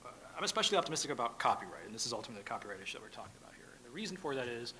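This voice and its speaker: A man speaking as a panelist at a policy event, halting, with many fillers and restarts. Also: medium pitch, big pitch swings, pushed and bright, poor audio. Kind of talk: panel discussion. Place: conference room.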